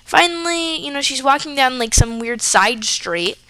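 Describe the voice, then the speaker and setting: Animated young woman telling a rambling story. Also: high-pitched, moderate pace, dry recording. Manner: rambling, many fillers and restarts, animated. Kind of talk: casual spoken storytelling.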